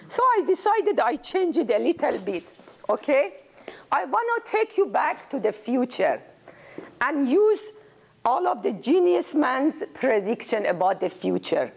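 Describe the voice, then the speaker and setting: An older woman giving an informal lecture, animated and emphatic, repeating words for stress. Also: high voice, measured pace, vocal fry, husky.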